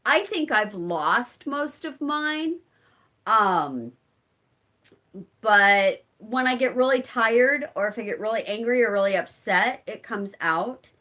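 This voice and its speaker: A woman from a rural Southern Illinois community hosts a casual live stream, reading the chat, answering viewers by name and laughing often. Her voice is on the high side, animated and sharp, and she speaks slowly with a Southern Illinois accent.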